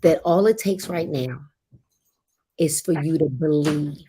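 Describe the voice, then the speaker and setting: A woman hosts a live book club with a casual, faith-filled way of talking. She moves into a steady, encouraging preaching cadence as she addresses her listeners. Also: low-pitched, measured pace, a little hiss or hum. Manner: warm encouraging preacher cadence, sings briefly.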